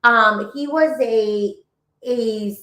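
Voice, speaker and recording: A woman's voice: a little high, extremely slow, reverberant, a little hiss or hum, low-quality recording. A woman, co-hosting a casual chat and telling a dating story with acted-out quotes. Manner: animated storyteller, acts out quoted dialogue. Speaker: co-host.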